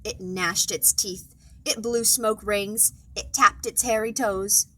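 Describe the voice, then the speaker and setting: A woman librarian reading a children's picture book aloud, expressive and playful. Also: medium pitch, slow pace, a little hiss or hum, poor audio. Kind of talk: children's storytime read-aloud.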